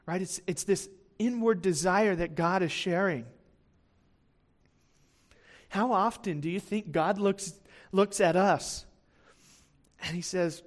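A man with a high voice preaches in a relaxed, conversational way. He keeps asking his listeners for a nod and often doubles words as he thinks aloud. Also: a little slow, pauses often. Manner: conversational, asks listeners for assent, repeats words. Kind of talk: sermon.

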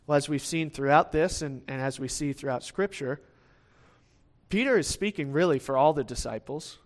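A man's voice: a little high, moderate pace. A man preaching a sermon in a conversational way, often restarting phrases and checking in with the listeners with "right?". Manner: acts out the quoted lines of the disciples in lively voices.

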